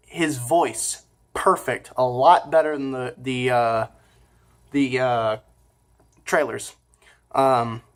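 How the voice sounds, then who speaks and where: A man giving a casual movie review, rambling, with lots of fillers and self-corrections. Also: mid-range voice. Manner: informal and offhand.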